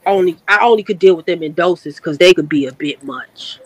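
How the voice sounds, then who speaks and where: A woman chatting casually in an online group talk, expressive and teasing. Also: on the low side, a little fast, slightly rough, poor audio.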